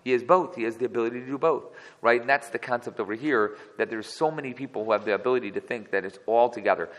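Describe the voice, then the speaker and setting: A man's voice: mid-range voice, quick pace, a little hiss or hum. A man teaching a text study class, reading verses and translating and explaining each one. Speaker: Torah teacher. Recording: long hall reverb.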